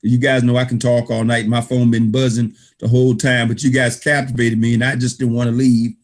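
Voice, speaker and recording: A man's voice: medium pitch, flat delivery, a little fast. A man, the author, speaking on a video call, giving an emphatic motivational talk that repeats key phrases like a preacher. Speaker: author thanking readers at an online book reading. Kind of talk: motivational speech.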